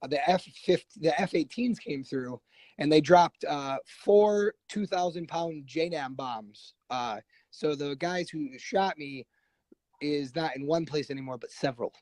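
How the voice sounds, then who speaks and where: A man guest on a podcast telling a war story casually, animated and profane, acting out what others said. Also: on the high side, a little slow, dry recording, low-quality recording. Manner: animated, profane, acts out quoted voices.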